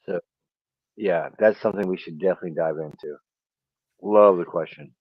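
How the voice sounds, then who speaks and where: A man's voice: low voice, moderate pace, slightly rough, dry recording. A man co-hosting a casual online audio chat, enthusiastic and joking. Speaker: co-host. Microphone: online audio call. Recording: dull lo-fi audio.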